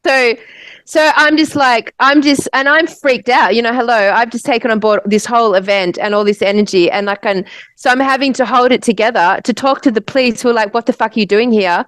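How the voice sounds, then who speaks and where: A woman's voice: a little high, fairly even intonation, brisk, fairly bright tone, no echo, poor audio. An Australian woman co-hosting a podcast, telling a story in a breathless, vivid way and swearing freely. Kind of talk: casual podcast chat.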